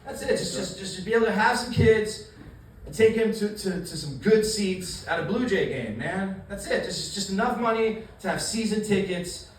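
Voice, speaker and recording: A man's voice: high-pitched, lively intonation, moderate pace, slight background noise. A young man performing a stand-up comedy set, rambling and self-mocking with many fillers and restarts. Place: comedy club stage. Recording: echoey room mic heard from far off.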